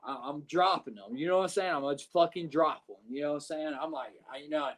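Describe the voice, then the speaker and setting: A man's voice: on the high side, racing. A man, a wrestler guest, telling a story in casual, profane speech with lots of fillers, over a video call.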